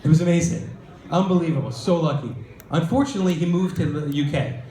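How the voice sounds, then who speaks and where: A man giving a conference talk, telling an animated startup story and acting out the quoted voices. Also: fairly high pitch, quick pace, a little hiss or hum. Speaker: venture capitalist speaker. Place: event hall. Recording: roomy hall with faint ambience.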